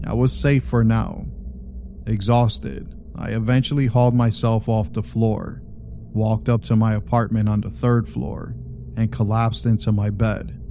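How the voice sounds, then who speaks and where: A man narrates a first-person tale with a low, dark, mellow voice. His reading stays steady and measured from line to line, with a faint hiss underneath. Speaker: horror story narrator.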